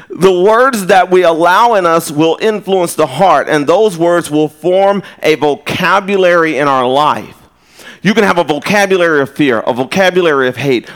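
Male pastor, sermon delivery, a bit high-voiced, loose and chatty with storytelling asides. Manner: conversational storytelling with quick asides and laughs. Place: church.

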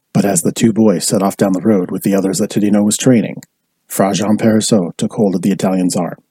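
A man reading a historical novel aloud in steady, measured narration. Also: low voice, slightly rough, dry recording, poor audio. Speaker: audiobook reader. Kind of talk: scripted narration.

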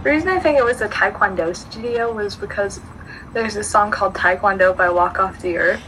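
A woman's voice: mid-range voice, fairly quick, sharp tone, slight background noise, rough recording. A young woman chatting on a podcast, retelling a dream with many fillers and restarts, recorded outdoors near a street. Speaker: podcast co-host. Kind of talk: casual chat, retelling a dream.

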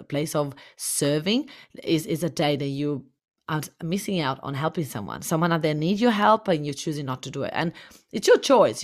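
Low-voiced impassioned woman coach. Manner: impassioned, repetitive. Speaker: business coach. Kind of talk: motivational podcast talk.

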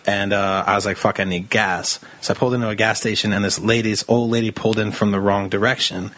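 A man's voice: on the low side, quick pace, no echo. A man co-hosting a comedy podcast, telling a crude story full of swearing and acting out the people in it. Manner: profane, animated storyteller who acts out shouting. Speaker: podcast co-host.

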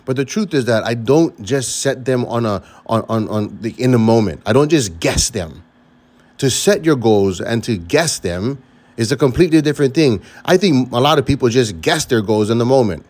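A man's voice: mid-range voice, expressive, normal speed, a little mellow. A man hosting a leadership podcast, talking earnestly and emphatically, often repeating words for stress. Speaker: podcast host. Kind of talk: motivational podcast talk.

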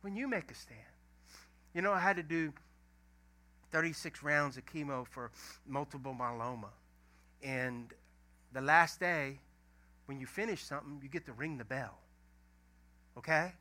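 Bright-voiced preacher. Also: male voice, on the high side, normal speed, long pauses. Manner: folksy storytelling, swings from loud emphasis to hushed near-whisper. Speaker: pastor. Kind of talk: sermon.

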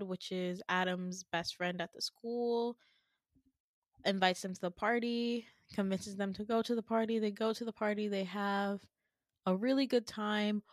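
A young woman hosting a podcast, retelling a dream in a casual, animated way with swearing and laughing asides. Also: mid-range voice, no echo, studio quality. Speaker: podcast host. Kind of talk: casual storytelling.

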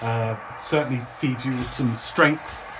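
A man running a tabletop game as game master, narrating in a relaxed, meandering way with frequent restarts. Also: mid-range voice, measured pace, background noise.

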